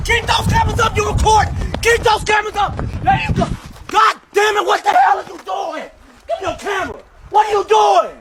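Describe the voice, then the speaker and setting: A man playing a bossy talk-show producer who yells profane, hurried orders at his cameramen. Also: very high voice, level tone. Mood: yelling orders. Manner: shouting, profane, hurried commands. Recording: echoey hall with crowd and noise.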